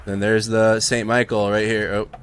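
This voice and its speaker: A man's voice: lowish voice, flat delivery, moderate pace, slight background noise. A man hosting a live news stream, commenting casually and correcting himself as he goes. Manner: rambling, self-correcting.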